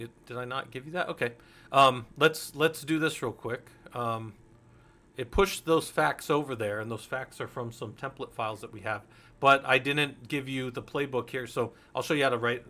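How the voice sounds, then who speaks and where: Swearing freely and drifting off into anecdotes, a man in his forties gives a casual, candid lecture on Linux security. His voice is mid-range, pushed, and bright.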